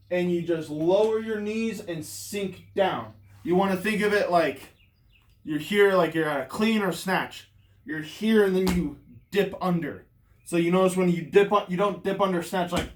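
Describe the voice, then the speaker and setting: A man's voice: fairly high pitch, far from the mic. A man coaching hammer throw technique, out of breath, demonstrating moves as he explains them in a loose, rambling way with many fillers. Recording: roomy echo, speaking from away from the mic.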